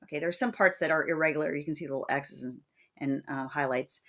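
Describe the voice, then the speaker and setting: A woman's voice: deep voice, fairly even intonation, quick pace, fairly bright tone. A woman teacher giving a recorded lecture over slides, chatty, chanting syllables aloud to show rhythm. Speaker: literature teacher.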